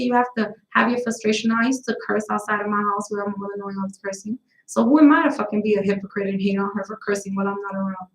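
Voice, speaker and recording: A woman's voice: fairly high pitch, roomy sound, low-quality recording. A woman, chatting casually on her own live show, blunt, profane, rambling from story to story. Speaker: host of a live talk stream. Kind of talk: casual chat.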